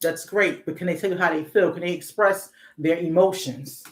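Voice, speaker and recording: A middle-aged woman therapist hosts a casual conversation about parenting and emotions, speaking AAVE in a lowish voice at a moderate pace. She restarts sentences and poses rhetorical questions, and the room around her echoes.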